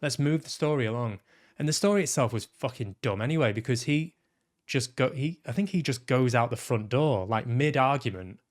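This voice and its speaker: A man's voice: mid-range voice, lively intonation, normal speed. Blunt, swearing man. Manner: blunt, frequent swearing, many restarts and repeated words. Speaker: podcast host reviewing a film. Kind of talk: casual spoken film review.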